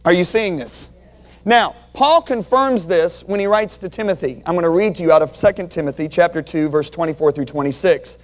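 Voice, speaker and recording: This Bible teacher has a strikingly high voice and moves briskly through his earnest teaching sermon. He hits important phrases hard and, in seasoned-preacher style, calls on listeners to echo words back.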